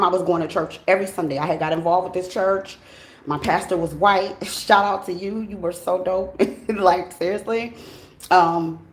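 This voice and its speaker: A woman telling a story casually to her viewers, laughing, swearing and acting out what people said. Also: lowish voice. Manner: animated, swearing, laughing storyteller who acts out dialogue. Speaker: tarot reader and channel host. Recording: echoey room.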